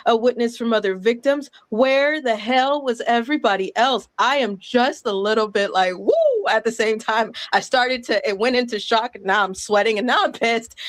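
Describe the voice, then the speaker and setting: Excited woman in her thirties, breathless. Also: a little high, no echo. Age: 30s. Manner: emphatic, breathless, laughs between thoughts. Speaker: co-host of a reaction stream. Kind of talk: excited reaction commentary.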